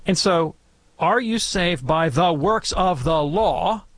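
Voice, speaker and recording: A man's voice: high voice, expressive, slow pace, fairly bright tone, no echo. A man answering listeners' questions as a theology expert on a call-in radio show, speaking emphatically and repeating phrases for stress.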